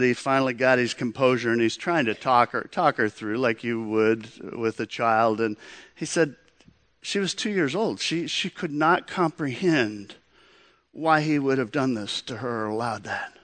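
A man's voice: medium pitch, moderate pace, a bit bright, no room sound. A man preaching a sermon, telling stories in an earnest way and calling the listeners friends. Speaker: pastor.

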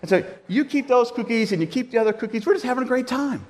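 A man's voice: very high-pitched, lively intonation, quick pace, voice pushed up. A man preaching, putting on the voice of a kind, cheerful grandfatherly old man in a sermon story. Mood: delighted. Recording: long hall reverb.

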